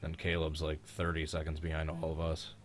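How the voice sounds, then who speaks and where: A man's voice: very deep voice, monotone, brisk, slight background noise. A man hosting a live race reaction with friends, congested and sick, his voice cracking, chatty and teasing as he rambles through old races. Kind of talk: casual live commentary with friends.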